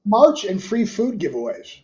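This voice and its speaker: A man's voice: high voice, wildly swooping pitch, a little slow, dark tone, lo-fi sound. A man co-hosting a casual talk show, teasing his partner with quiz-style banter. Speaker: podcast co-host. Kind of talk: casual chat.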